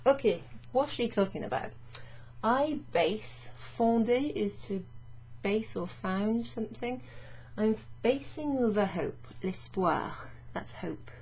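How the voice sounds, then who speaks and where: A woman teaching French in a relaxed, patient lesson. She speaks slowly and with a slightly husky tone. She reads French phrases carefully and explains each one in a chatty way. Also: mid-range voice.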